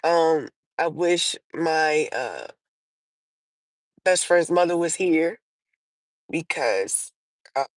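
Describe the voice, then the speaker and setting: A low-pitched woman hosts a livestream, telling personal stories with lively intonation, drawn-out words, and frequent pauses, rambling casually with fillers and restarts. The recording is rough but free of echo.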